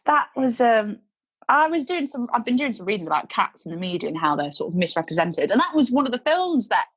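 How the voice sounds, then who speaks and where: A woman's voice: a little high, big pitch swings, brisk, breathy edge, no room sound, poor audio. A woman guest on a podcast, chatting casually and enthusiastic with frequent exclamations. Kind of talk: casual chat.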